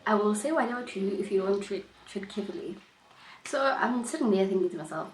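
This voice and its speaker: Animated woman, echoey room. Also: medium pitch, quick pace, slight background noise. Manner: animated, emphatic, repeats herself. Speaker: vlogger. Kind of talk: storytime chat.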